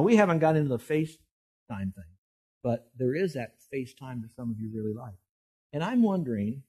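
A man's voice: mid-range voice, warm tone, husky. A man preaching a sermon, telling folksy, self-deprecating stories full of restarts before turning to scripture. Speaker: pastor.

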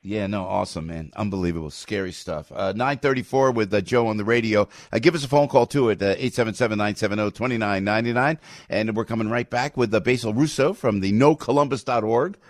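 A man with a New Jersey accent hosting a talk radio show, excitable and emphatic, often tripping over his words. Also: on the low side, a little fast, few pauses, dry recording, studio quality.

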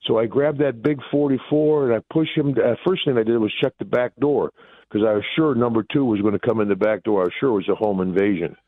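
A man, telling a story as a guest in a phone interview, excitable and booming. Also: fast talker, no echo. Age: 60s. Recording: tinny phone line.

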